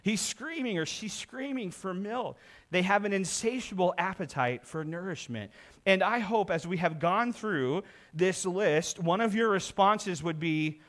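A man's voice: high-pitched, expressive, moderate pace, fairly bright tone. A middle-aged man, a pastor, preaching an earnest sermon and rising in volume for emphasis.

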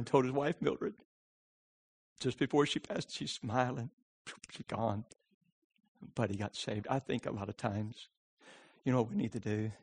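A man preaching a sermon, swinging from shouted pleading to hushed storytelling. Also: medium pitch. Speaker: pastor.

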